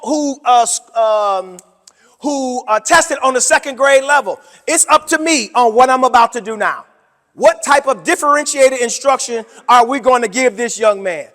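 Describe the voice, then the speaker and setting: A man presenting a workshop to teachers, with an animated, preacher-like delivery that swings between loud and soft. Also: very high voice, normal speed. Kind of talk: conference talk to educators. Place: conference room. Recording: hall with long reverb.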